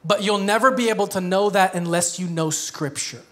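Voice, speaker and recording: A man in his thirties preaches to his church in a loose, conversational way. His voice sits a little high, and he keeps slipping into jokes and quick laughs between points. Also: fairly bright tone. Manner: conversational, joking, laughs often. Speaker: pastor. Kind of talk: sermon.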